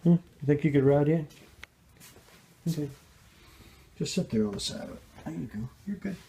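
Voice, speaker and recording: Older man, slightly high voice, coaxing baby talk, faint background noise. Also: expressive, moderate pace, creaky, warm tone. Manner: coaxing, chatty, talks to a baby. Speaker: grandfather filming his granddaughter. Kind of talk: casual home video.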